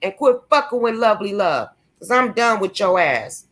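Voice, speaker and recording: A woman's voice: medium pitch, animated, moderate pace, fairly bright tone. A young woman vlogging a confrontational, profane rant, taunting and cursing at someone she calls out. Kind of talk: angry profane rant to camera.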